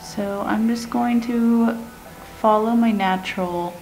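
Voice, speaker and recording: A woman explaining a makeup look step by step in a calm talk-through while she works, sometimes dropping to a whisper. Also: a little high, takes it slowly, soft background music, low-quality recording. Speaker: makeup tutorial host.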